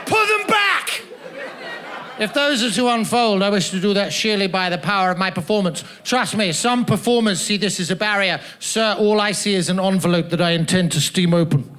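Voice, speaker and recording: A man's voice: high-pitched, fairly quick, few pauses, a bit bright, clear, resonant tone, some chatter behind. A man doing stand-up comedy on a festival stage, teasing the audience with florid, mock-formal, pompous phrasing into a handheld mic. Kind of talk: stand-up comedy with crowd work. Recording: noisy live audience laughter.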